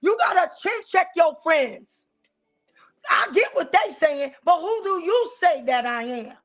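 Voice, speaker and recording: High-pitched sassy woman hosting a talk show, really animated. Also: a little slow, soft background music. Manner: sassy, animated, talks straight to the audience. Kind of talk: casual preaching-style commentary.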